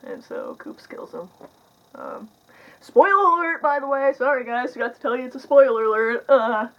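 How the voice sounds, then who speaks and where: A woman's voice: fairly high pitch, very animated, normal speed, rough recording. A young woman casually reviewing a movie, rambling and sarcastic, with lots of filler words.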